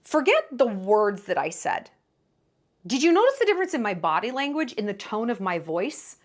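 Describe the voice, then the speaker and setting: A young woman vlogger talks to camera with dating advice in a casual, emphatic, dramatic way, sometimes slipping into quoted voices. Her voice is fairly high and very animated, and she speaks at a moderate pace.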